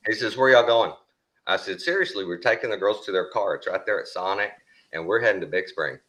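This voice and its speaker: A middle-aged Texan man spins a casual story with a drawl, cussing freely as he goes. His voice sits very low but comes across bright and forceful. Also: expressive, fast. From Texas.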